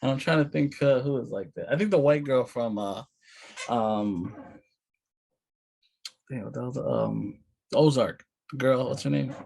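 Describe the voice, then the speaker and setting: A man co-hosting a podcast, relaxed and easygoing, chuckling between remarks. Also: medium pitch, unhurried, vocal fry, pauses often. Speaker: podcast co-host. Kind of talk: casual chat.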